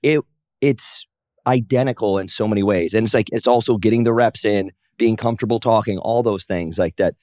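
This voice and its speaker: Fairly quick and fairly low-pitched, this male guest, a pro wrestler who's also a comic, tells animated stories in a relaxed interview. He bursts into raised voices to mimic others. Clean studio audio, no echo.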